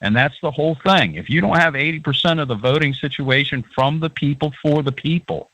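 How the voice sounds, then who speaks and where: A man's voice: on the high side, brisk, a bit bright, dry recording, rough recording. A man who is a guest on a radio talk show, explaining in a lecturing way and often checking in with "okay".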